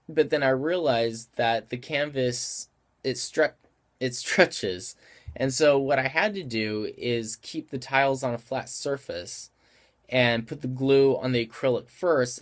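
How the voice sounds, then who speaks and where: A man hosting a craft tutorial, talking through the steps in a casual, friendly way while he has the hiccups and stops to apologize for them. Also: mid-range voice. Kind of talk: casual how-to explanation.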